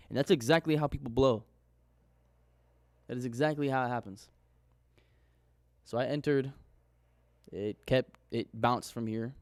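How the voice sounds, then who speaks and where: A man's voice: mid-range voice, moderate pace, long pauses, darkish tone, no echo, studio quality. A young man in a casual screen-share vlog, recapping his trades in a candid, rambling way and swearing casually. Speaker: forex trader vlogger.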